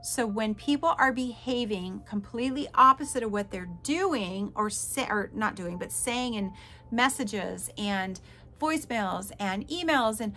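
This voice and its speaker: Woman in her 40s venting her story, bright high-ish voice, earnest and pleading, a little music under it. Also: unhurried, a little hiss or hum. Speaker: vlogger sharing her story. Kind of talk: personal storytelling to camera.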